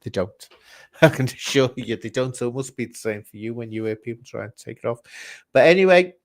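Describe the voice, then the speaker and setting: A man with a Scouse accent hosting a stream, chatting in a rambling, animated way. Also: medium pitch, fairly quick, dry recording. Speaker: stream host. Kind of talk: casual chat.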